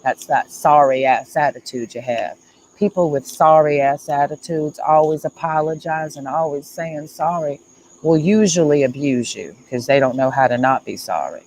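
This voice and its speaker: Gravelly streamer rambling earnest outdoors at night, faint crickets chirping behind. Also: medium pitch, moderate pace, darkish tone, slight background noise, poor audio. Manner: earnest, repetitive, confessional, emphatic. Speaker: livestreamer. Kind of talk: casual livestream monologue.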